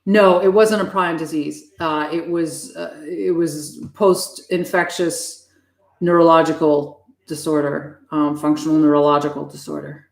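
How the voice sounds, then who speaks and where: A woman chatting with viewers on a live stream, blunt and heavy on swearing, quick to switch tone. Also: deep voice, fairly even intonation, vocal fry. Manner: profane, blunt and fast-shifting. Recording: echoey room.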